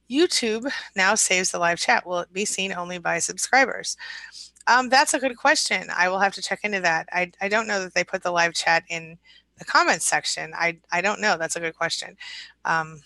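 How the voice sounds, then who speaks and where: Woman, live-stream host, bright voice, dry close sound, chatty, greets viewers by name. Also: on the low side, moderate pace, vocal fry, no echo, low-quality recording. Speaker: relationship recovery coach hosting a live stream. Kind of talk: casual live-stream chat, reading viewer comments aloud.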